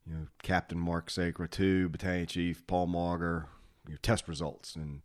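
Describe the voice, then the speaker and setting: A man hosting a podcast, a former fire officer telling old station stories in a lively way, acting out the quotes and laughing often. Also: low voice, moderate pace. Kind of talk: casual storytelling chat.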